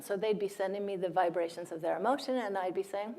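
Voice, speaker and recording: An American woman giving a spiritual talk to an audience, gentle and unhurried, laughing often and sometimes dropping to a near whisper. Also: mid-range voice. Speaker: speaker at a healing talk.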